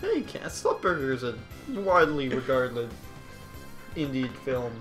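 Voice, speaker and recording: A man's voice: mid-range voice, big pitch swings, measured pace. A man joking and swearing through casual banter while playing a video game with friends. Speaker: let's play commentator. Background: game music.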